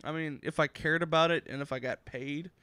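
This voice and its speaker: A young man co-hosting a casual gaming podcast, animated and swearing freely, now and then slipping into put-on voices. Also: a little high, brisk, clear, resonant tone, dry recording. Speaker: podcast co-host. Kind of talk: casual chat.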